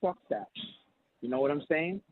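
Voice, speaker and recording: A man's voice: fairly high pitch, moderate pace. Blunt man on a tinny phone line. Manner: blunt, swearing, tells stories with quoted voices. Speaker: caller. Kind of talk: casual call-in chat. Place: riding a train. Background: train noise.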